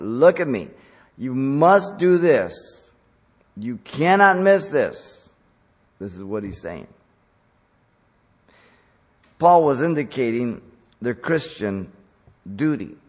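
Emphatic male preacher in a reverberant hall. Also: mid-range voice. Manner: emphatic, stressing key words. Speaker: pastor. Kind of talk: expository sermon. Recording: long reverb from a large hall.

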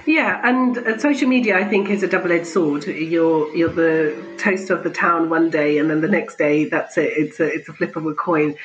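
A woman working as a family doctor, talking in a jovial, animated way in an interview and laughing often. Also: fairly low pitch, highs cut off. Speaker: GP, interview guest. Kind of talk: conversational interview.

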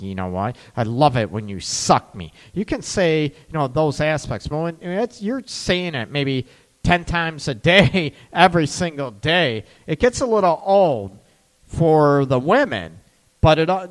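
A man's voice: fairly high pitch, long reverb tail. A man giving relationship advice in a live-streamed talk, candid and joking, often laughing. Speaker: relationship coach.

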